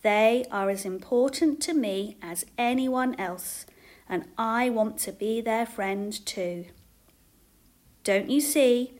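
A woman voicing Jesus in a storybook reading, calm, firm and kind. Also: on the high side. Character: gentle, warm grown man, Jesus.

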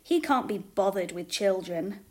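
A woman's voice: medium pitch, lively intonation, a little slow, darkish tone, natural voice. A woman voicing a dismissive, self-important man, another of Jesus' friends, in a storybook reading. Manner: firm and dismissive.

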